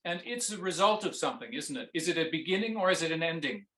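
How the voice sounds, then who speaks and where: A man coaching a viola student in a masterclass, singing phrases on nonsense syllables and asking gentle questions. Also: a little high, expressive, fast, echoey room.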